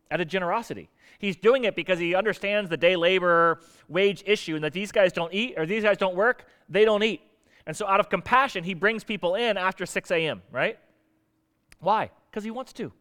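A high-pitched male pastor delivers a sermon in a casual, conversational way, constantly quizzing his listeners with questions. His voice rings out in a large church hall with a long, lingering reverb. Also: brisk, a bit bright. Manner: conversational, asks the audience questions. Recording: echoey hall.

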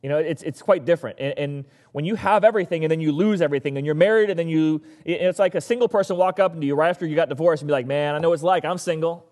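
A man's voice: a little high, rapid-fire, few pauses, darkish tone, in a large hall. A male pastor giving a casual, conversational sermon and acting out the voices of the people he talks about.

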